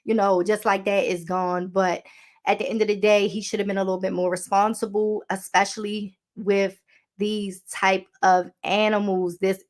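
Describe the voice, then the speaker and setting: A woman with a Baltimore accent hosting a podcast, chatting casually and reading a law aloud, sassy and calling listeners honey. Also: medium pitch. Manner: chatty and sassy, calls listeners honey, stumbles over words. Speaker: podcast host.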